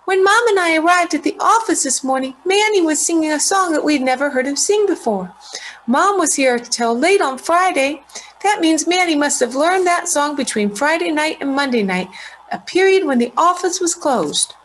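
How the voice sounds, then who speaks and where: A woman's voice: high-pitched, animated, normal speed, a bit bright, slight background noise, voice pushed up. A woman reading aloud as a young girl detective, explaining clues eagerly in a raised voice. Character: bright young girl amateur sleuth.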